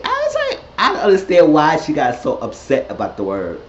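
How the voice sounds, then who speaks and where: A man chats through a reality show recap in a loose, profane, animated way, sometimes leaping into shrill voices to quote people. The sound is roomy and dull, with a faint hiss underneath. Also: brisk, few pauses. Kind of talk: casual recap chat.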